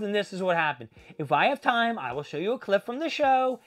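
A man's voice: high voice, expressive, moderate pace, hardly any pauses. A man hosting a casual collectible video, rambling, correcting himself and poking fun at his own slips. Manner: rambling, self-mocking, trailing off. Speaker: host. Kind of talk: casual unboxing chat.

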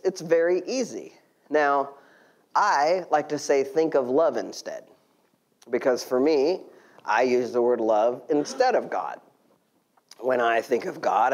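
A man giving a conversational sermon, laughing often and at times dropping to a hushed near-whisper. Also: medium pitch. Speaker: guest speaker at church.

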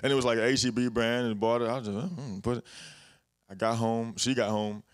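A man's voice: medium pitch, fairly even intonation, a little fast. A young adult man preaching a casual, conversational sermon full of everyday stories and repeated phrases.

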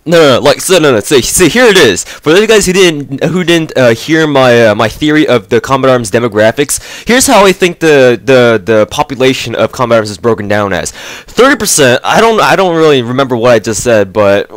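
A man's voice: mid-range voice, lively intonation, moderate pace, few pauses, dry recording. A man giving casual, rambling commentary over a shooter game, swearing freely and filling his talk with fillers and restarts. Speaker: gameplay commentator.

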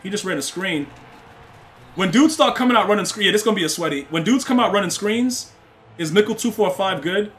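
A young man with a high-pitched, a bit bright voice talks briskly with lively intonation, some slight background noise present. Live-streaming a game, he rambles in slang, bantering with chat and trash-talking opponents.

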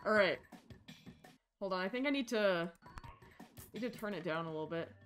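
A woman streaming a game from her basement, chatty and excitable, with game music behind her. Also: medium pitch, moderate pace. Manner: excitable, chatty, bursts into shrieks and laughter. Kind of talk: casual gameplay streaming. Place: home basement.

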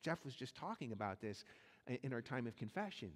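A male pastor preaching a sermon, animated and acting out the voices in the stories he tells. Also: medium pitch, a little fast. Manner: animated, acts out quoted voices in his storytelling. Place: church sanctuary. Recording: long church hall reverb.

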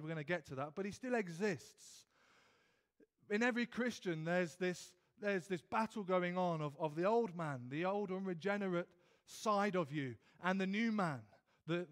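A man with a British accent preaching an evening sermon in church, earnest, often restarting and repeating words as he builds emphasis. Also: sits high. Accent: British English.

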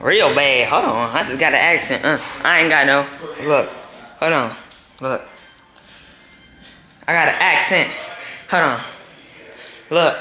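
A man's voice: fairly high pitch, unhurried, long pauses, faint music behind. A young man from near Houston, Texas, vlogging casually at home with playful, rambling slang. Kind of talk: casual vlog talk. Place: house indoors. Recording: echoey room with loud background noise.

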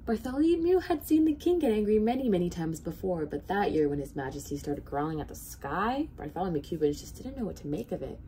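A woman, a hospital volunteer, reading a children's picture book aloud with expressive storytelling. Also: lowish voice, fairly quick, hardly any pauses, a little hiss or hum.

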